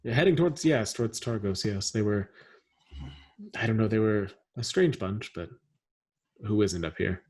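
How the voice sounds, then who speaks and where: A man's voice: lowish voice, moderate pace, pauses often, a little mellow, natural voice. A man voicing a nervous, eager-to-please townsman who stammers and hesitates.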